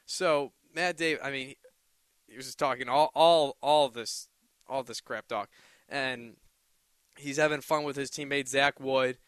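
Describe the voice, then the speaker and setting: Young guy rambling on his solo podcast, smooth clear voice, bright tone. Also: medium pitch, fairly even intonation, unhurried, no echo, clean studio sound. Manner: rambling, many restarts and fillers. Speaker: podcast host. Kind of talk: casual solo podcast talk.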